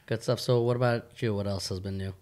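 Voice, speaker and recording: A man's voice: lowish voice, fairly even intonation, fast, a little mellow. A man co-hosting a podcast, teasing his friend with easy laughter in casual chat. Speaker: podcast co-host.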